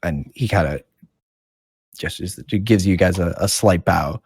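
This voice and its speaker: A man's voice: low voice, unhurried, darkish tone, slightly rough. A man narrating a tabletop game as game master, casual, with fillers.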